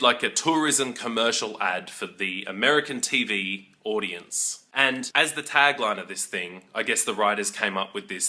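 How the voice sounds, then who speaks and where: A man with an Australian accent chatting casually to camera in a joking, animated way. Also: fairly low pitch. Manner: chatty, joking, animated with playful mock voices. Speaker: vlogger.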